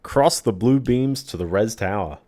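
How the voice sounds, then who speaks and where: A man's voice: lowish voice, expressive, normal speed, darkish tone. A man casually commenting while streaming a video game, rambling and hedging with little chuckles to himself. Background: game music.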